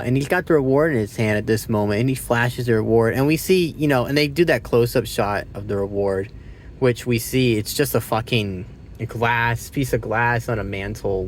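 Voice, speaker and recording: Talking casually about a movie, a man rambles, curses freely and loses his thread, and he turns loud and excited while retelling scenes. His pitch sits in the middle, and there's a little hiss or hum on the recording.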